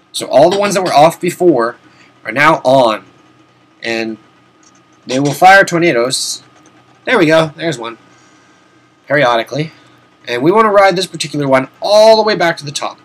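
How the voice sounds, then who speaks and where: A man hosting a video-game playthrough, chatting and rambling as he plays, swearing casually, his voice a little sore and hoarse. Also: fairly high pitch, expressive, moderate pace, long pauses, fairly bright tone. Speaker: host. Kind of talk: let's-play game commentary.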